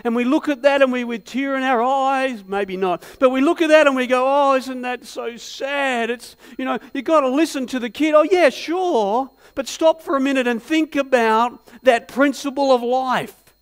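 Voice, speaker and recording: An Australian pastor preaches a sermon in church, putting many rhetorical questions to the congregation and telling stories with animation. His voice is very high and clean, at a moderate pace.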